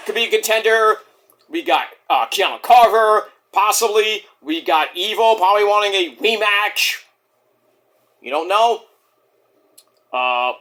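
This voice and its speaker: A man's voice: sits high, sharp tone. A man giving a casual, profane review of a wrestling show, ranting and acting out what people said. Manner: profane, ranting, acts out quotes.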